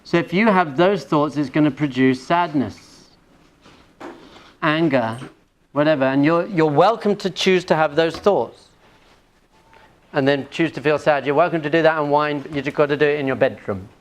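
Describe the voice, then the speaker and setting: A man's voice: on the high side, normal speed, long pauses. A male rabbi teaching a class, telling humorous family stories and putting questions to his audience. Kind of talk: lecture with personal anecdotes.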